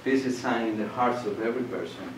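A man's voice: medium pitch, a little fast. Older man lecturing in echoey room. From Colombia. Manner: animated storyteller, acts out voices and laughs. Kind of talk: public lecture with storytelling. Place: lecture hall. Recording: echoey room, distant mic, faint noise.

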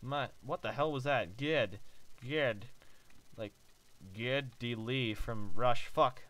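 A man giving casual commentary on a basketball video game he is playing, joking, swearing and breaking into loud outbursts. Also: medium pitch, slow pace, rough recording. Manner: excitable, joking and profane, with sudden loud outbursts. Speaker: let's play gamer.

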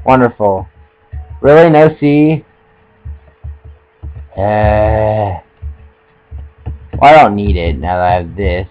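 A man's voice: on the low side, animated, slow, pauses often, lo-fi sound, soft background music. A young man giving casual, joking commentary while playing a video game, often stumbling over his words and poking fun at himself. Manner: joking, self-mocking, trips over words. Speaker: let's play gamer.

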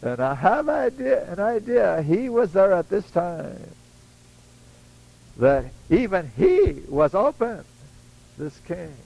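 A man's voice: sits high, very animated, slow pace, creaky, dull audio. An older man preaching a folksy storytelling sermon, acting out voices in his stories. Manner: acts out voices in his stories, chuckling asides.

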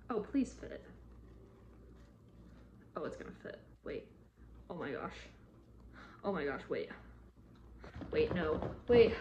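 A woman chatting casually to camera as she unboxes a parcel, gushing and excitable, full of gasps and exclamations. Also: medium pitch. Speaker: model horse customizer. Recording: noisy home recording.

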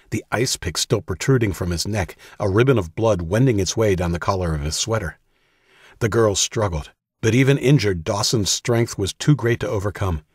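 Husky low-voiced male audiobook narrator. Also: dry recording, studio quality.

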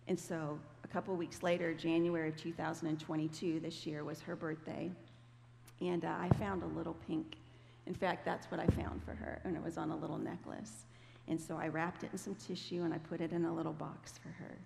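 A woman's voice: on the low side, steady tone, normal speed, gravelly, darkish tone. A woman giving a personal testimony at church in a conversational storytelling way, acting out the voices she quotes. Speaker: church speaker. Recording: echoey hall, faint noise.

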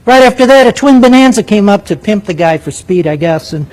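An older man and former military pilot telling a story to a live audience, in an animated, vivid way. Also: sits high, brisk, hardly any pauses.

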